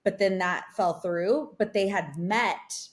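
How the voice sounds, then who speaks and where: A woman's voice: mid-range voice, slow. Chatty young woman rambling a story. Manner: rambling storyteller, heavy use of "like". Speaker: podcast co-host. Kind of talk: casual chat. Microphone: remote recording.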